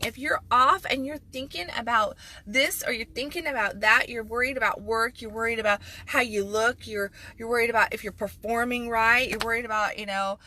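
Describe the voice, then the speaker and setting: A woman's voice: on the high side, fairly quick, hardly any pauses, sharp tone. A woman life coach talking frankly and emphatically in a casual video monologue, with sarcastic asides.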